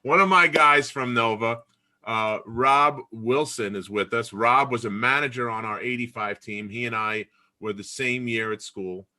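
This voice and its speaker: A man in his fifties hosting a sports podcast over a video call, chatty, asking questions with halting restarts. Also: medium pitch, pushed and bright. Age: 50s. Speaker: podcast host. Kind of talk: casual interview hosting.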